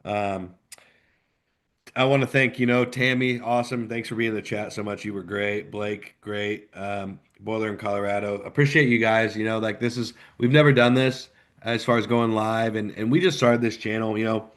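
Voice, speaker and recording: A man's voice: fairly low pitch, fairly even intonation, moderate pace. A man co-hosting a live sports podcast, ranting heatedly, his voice jumping up when he gets worked up. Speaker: podcast co-host.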